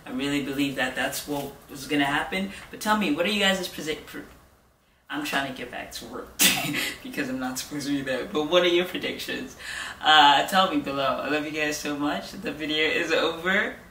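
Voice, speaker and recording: A young woman hosting a reaction video, chatting excitedly and gushing over what she watches. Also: low voice, normal speed, far from the mic, slight background noise. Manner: gushing, exclaims often, chatty asides. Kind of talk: excited casual reaction chat. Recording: echoey room, voice off-mic, loud music. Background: music from the video.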